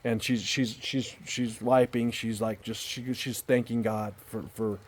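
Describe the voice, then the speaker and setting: This storyteller vlogger speaks unhurriedly in a mid-range voice with little pitch movement. He's in a backyard at night, telling a personal story with casual, heartfelt sincerity while rambling and frequently repeating or restarting.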